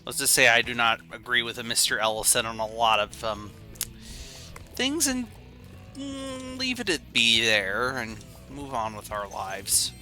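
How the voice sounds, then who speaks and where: A man's voice: lowish voice, normal speed, hardly any pauses, bright, forceful tone, faint music behind. A young man streaming a game, rambling in casual commentary with goofy, self-deprecating asides.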